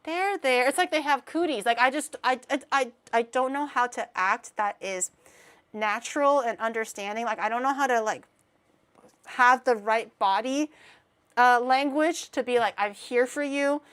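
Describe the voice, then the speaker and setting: A woman's voice: fairly high pitch, normal speed, fairly bright tone. A young woman from Canada chatting casually on a stream, rambling with lots of restarts and fillers, giggly and self-deprecating. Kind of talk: casual chat.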